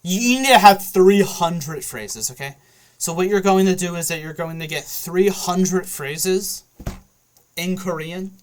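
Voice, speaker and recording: A man with a voice pitched a little above most men rambles through an offhand monologue. He keeps it loose, circles back on himself, and checks in with the viewer now and then. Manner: loose, filler-heavy, often checks in with "okay?". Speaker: vlogger.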